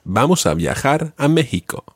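A man teaching a language lesson, patiently quizzing a student and repeating each phrase clearly. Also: mid-range voice, very animated, normal speed, dry recording, studio quality. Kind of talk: guiding a student through a spoken quiz.

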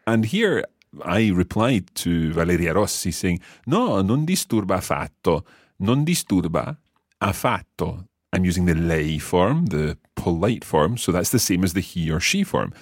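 A man with a low, husky voice teaches a podcast language lesson, walking through each phrase patiently. His intonation swings widely as he explains and quizzes, and the sound is close and dry. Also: very animated, a little slow, no room sound.

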